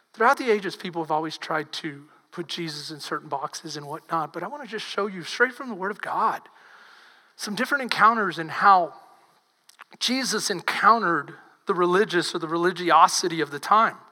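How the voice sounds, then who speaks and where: A woman pastor with a Texan accent, preaching a sermon as lively storytelling that swings from loud to hushed. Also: lowish voice, moderate pace, big-room sound.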